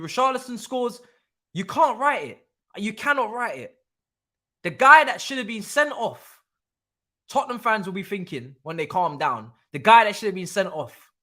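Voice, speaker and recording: A young man hosting a live football watch-along, talking excitably, repeating himself and swearing freely. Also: sits high. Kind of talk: live stream reaction commentary.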